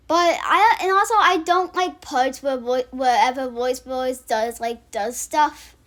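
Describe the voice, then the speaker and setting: A woman's voice: high voice, a little slow, fairly bright tone. A woman hosting her own channel, casually ranking cartoon episodes in a rambling way with many restarts and filler words. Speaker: channel host.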